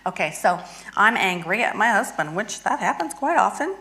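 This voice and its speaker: A woman's voice: medium pitch, very animated, normal speed, pushed and bright, poor audio. A woman guest expert explaining and demonstrating a therapy toy, earnest and hands-on. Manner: earnest, demonstrates by acting out feelings. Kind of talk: instructional demonstration.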